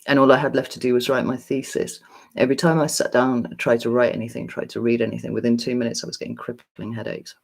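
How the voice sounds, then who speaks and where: Fast and flat in pitch, her bass voice carries vocal fry over a rough recording. The woman, a tarot reader in her forties, chats casually with her livestream audience, telling a long, sweary, unfiltered story full of fillers.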